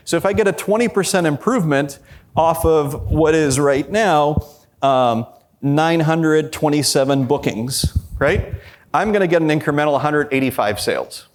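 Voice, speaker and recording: A man presenting a conference workshop, talking energetically and addressing the audience directly. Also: fairly high pitch. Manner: quotes imagined people in a raised voice.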